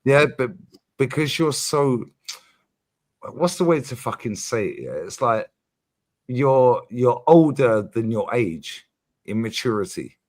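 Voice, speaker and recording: Man, mid pitch, casual stream chat, emphatic, repetitive, swears. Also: slow. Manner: animated, emphatic, swears freely, repeats his points. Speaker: streamer host.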